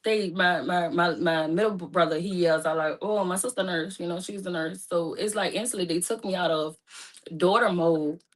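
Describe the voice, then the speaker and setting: A woman recounting a painful personal story in casual, informal speech, her voice rising high and loud when distressed. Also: moderate pace. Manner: speaks casually with informal phrasing. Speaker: guest telling her story.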